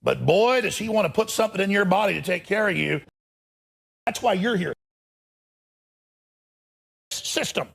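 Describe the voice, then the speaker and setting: A middle-aged man hosting a live show, ranting angrily in a gravelly, raspy voice. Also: high-pitched, lively intonation, normal speed, long pauses. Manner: angry, shouting rant. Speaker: talk show host.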